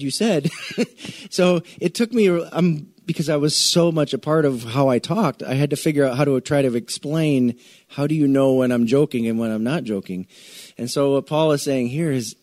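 A middle-aged male pastor from the United States preaches in a loose, conversational way, tossing in jokes and stretching out the words he wants to land. His voice sits at an ordinary middle pitch. The sound is close and dry, with no room around it. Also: no echo. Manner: chatty, joking asides, restarts sentences, stretches key words. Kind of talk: conversational sermon.

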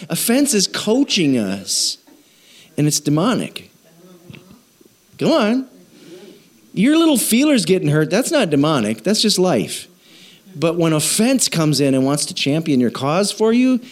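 A man preaching a sermon as pastor, animated and jokey, acting out quoted voices and asking the audience questions. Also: fairly high pitch, measured pace.

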